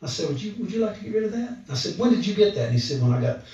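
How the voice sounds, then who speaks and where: A man with a high, racing voice shares his testimony with a church gathering, retelling the story with animation and acting out the voices he quotes. The recording is roomy, distant and dull, as church recordings often are.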